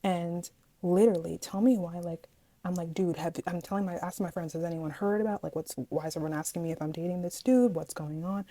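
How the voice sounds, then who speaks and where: A young woman vlogger telling a story from school in an animated, dramatic way, acting out what people said. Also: fairly low pitch, fairly quick. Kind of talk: casual storytime vlog.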